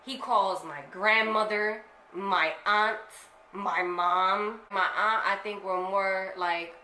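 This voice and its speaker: A woman's voice: medium pitch, steady tone, slow, pushed and bright. A young woman vlogger telling a personal story to her viewers in a candid, slangy way, swearing freely. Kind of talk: casual storytelling to camera. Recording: echoey room with faint noise.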